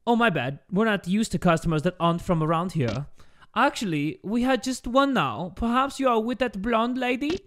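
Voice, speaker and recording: A man's voice: high-pitched, animated, normal speed, fairly bright tone, voice pushed up. A man voicing a squeamish, chatty late-night store clerk in an odd put-on foreign accent, reading game dialogue. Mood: polite.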